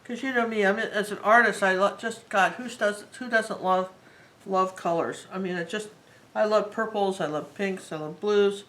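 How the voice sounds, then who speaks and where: An art teacher leads a live painting tutorial, talking at a medium pitch and normal speed. She chats and rambles as she works, with warm enthusiasm, though the recording quality is low.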